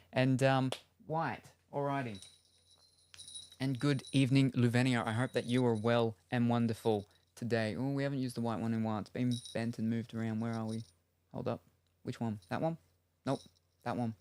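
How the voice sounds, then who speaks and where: A man's voice: mid-range voice, little pitch movement, normal speed, darkish tone, smooth. A young man live-streaming from home, chatting casually and playfully, reading out viewer names and messages with many fillers. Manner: rambling, playful, reads chat messages aloud.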